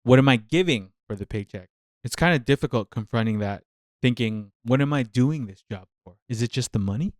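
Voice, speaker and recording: A man's voice: medium pitch, fairly quick, dry recording, clean studio sound. A man, a nurse, giving casual reaction commentary on a TV show, passionate and venting, repeating himself as he thinks aloud.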